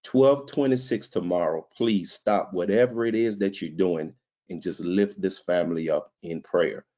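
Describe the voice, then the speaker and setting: Man public commenter; very deep, dark tone, earnest plea, lo-fi mic. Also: measured pace. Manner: earnest, pleading, asks for prayer. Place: council chamber. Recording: dull lo-fi meeting audio.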